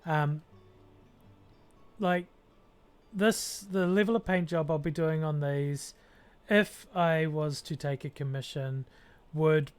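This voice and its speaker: This is a streamer with a New Zealand accent, thinking aloud while painting and scattering ums through every thought. The delivery is loose and unhurried, and faint music plays in the background. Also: mid-range voice, fairly even intonation, clear, resonant tone. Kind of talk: casual livestream chat while working.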